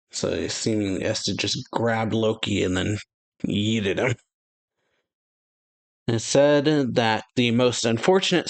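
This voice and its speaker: A man casually reading through a manga chapter, reciting character lines with light emphasis and frequent fillers. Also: mid-range voice. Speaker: manga reaction host.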